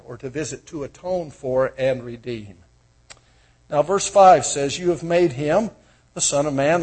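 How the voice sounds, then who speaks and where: An older man with a husky voice preaching a sermon, moving from quiet storytelling to loud, fervent proclaiming. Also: on the high side. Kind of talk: sermon with personal stories.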